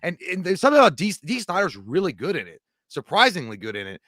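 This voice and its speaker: Male co-host, talks fast, rambling and joking, dry close sound. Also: high-pitched, wildly swooping pitch, a bit bright, no room sound. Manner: rambling, joking, full of asides and restarts. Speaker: podcast co-host. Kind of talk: casual live-stream banter.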